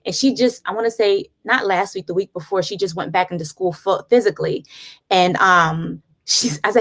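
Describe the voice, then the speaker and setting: A woman's voice: medium pitch, moderate pace, fairly bright tone. A woman in her thirties, a guest therapist, telling earnest stories about parenting in a casual chat. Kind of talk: casual conversational interview.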